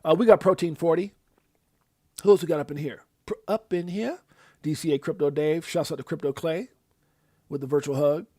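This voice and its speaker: A man hosting a live stream in a casual, hyped way, rattling off shout-outs to his viewers. His voice sits a little high for a man, with sudden loud jumps upward when he gets excited. The sound is dry and close, with no room around it. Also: a little fast, long pauses, no echo. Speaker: livestream host.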